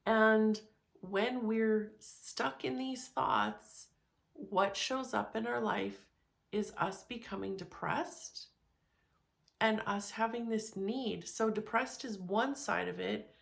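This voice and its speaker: A woman's voice: medium pitch, creaky, a bit bright. A woman giving a candid, conversational self-help talk, speaking frankly and often restarting or repeating words.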